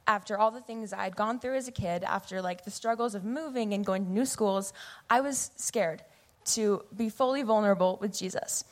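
A young woman in her late teens from the US Pacific Northwest, giving an earnest, animated personal testimony into a church microphone. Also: mid-range voice, moderate pace. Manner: earnest, animated, acts out her past self in quotes. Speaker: youth member giving testimony. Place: church sanctuary. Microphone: microphone at a pulpit or stage.

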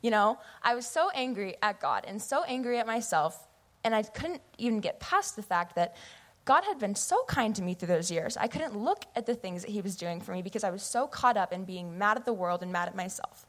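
A woman's voice: mid-range voice, brisk. Earnest young woman giving church testimony. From US Pacific Northwest. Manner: earnest, animated, acts out her past self in quotes. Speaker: youth member giving testimony. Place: church sanctuary. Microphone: microphone at a pulpit or stage.

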